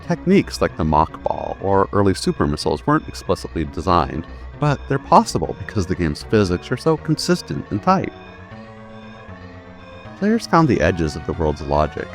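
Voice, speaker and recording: Male narrator, deep voice, animated delivery; scripted video essay with emphatic punchlines, faint music bed. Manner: emphatic, building to punchy statements. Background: faint background music.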